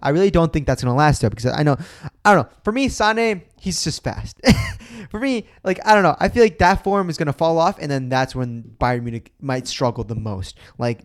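A young man hosting a casual solo soccer podcast, excitable and rambling, swearing often as he reacts. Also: on the high side, fairly quick. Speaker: podcast host.

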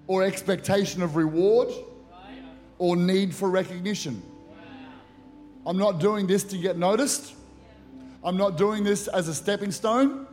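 Emphatic high-voiced preacher man. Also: a little mellow. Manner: emphatic preaching, acts out prayers and quotes. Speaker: pastor. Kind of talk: sermon. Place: large church auditorium at a conference. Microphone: handheld microphone.

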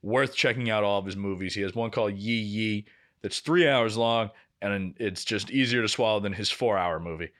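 A man's voice: on the low side, normal speed, fairly bright tone. A young man co-hosting a podcast, telling a long story in casual chat and swearing often. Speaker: podcast co-host.

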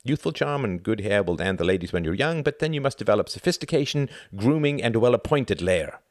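A man voicing a calm, worldly older bachelor friend who speaks in a measured, wry way. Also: on the low side, no room sound, clean studio sound, voice pushed up, close to an everyday voice.

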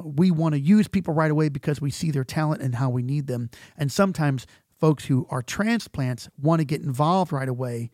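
Pastor, middle-aged man, gravelly and mellow, dry close sound. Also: on the high side, dry recording. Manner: earnest, halting with frequent repeated words. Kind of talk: conversational teaching talk.

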